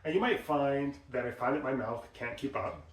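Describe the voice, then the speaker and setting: A man teaching voice exercises, explaining and acting out examples in an animated way. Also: mid-range voice, moderate pace. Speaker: voice coach. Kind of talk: instructional talk with demonstrations. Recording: roomy sound, mic at a distance.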